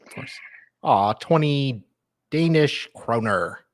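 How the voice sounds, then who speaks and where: A man's voice: mid-range voice, animated, takes it slowly, dry recording. A man hosting a live stream reaction, laid-back, reading out and thanking viewers. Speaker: streamer host.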